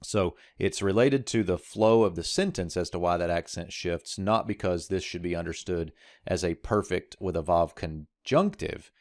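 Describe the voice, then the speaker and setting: Deep-voiced man teaching a language lesson. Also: moderate pace, a little mellow, dry recording, clean studio sound. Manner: explanatory, walking through text on screen. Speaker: Hebrew teacher.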